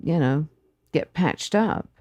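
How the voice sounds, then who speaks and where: A woman guest on a podcast, chatting calmly and supportively with a friend. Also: deep voice, slow, dry recording. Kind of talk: casual chat.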